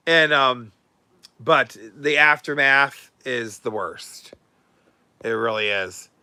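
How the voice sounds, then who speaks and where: A male host gossips bluntly and sarcastically in a casual livestream chat, often with crude words. His voice is bright and forceful, and the sound is dry and close. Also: mid-range voice, dry recording.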